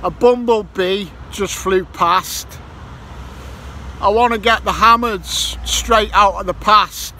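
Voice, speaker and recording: Vlogger, male, high bright voice, slow and sweary, with traffic faint behind him. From Ireland. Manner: sweary, grumbling, improvises rhymes. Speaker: metal detecting vlogger. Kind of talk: casual vlog monologue. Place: outdoors by a roundabout near a petrol station. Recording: faint traffic noise outdoors. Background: passing traffic.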